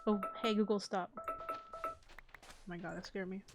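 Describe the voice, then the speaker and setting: A woman streaming a block-building game late at night, chatting casually and swearing while keeping her slightly high voice down. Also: wildly swooping pitch, a little slow, over music. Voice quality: slightly high, a little strange voice. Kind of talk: casual live-stream gameplay chat.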